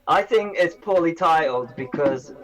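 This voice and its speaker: A man's voice: a little high, animated, measured pace, a bit bright, rough recording. A man on a podcast, rambling through a review of drone gear with lots of restarts in casual banter.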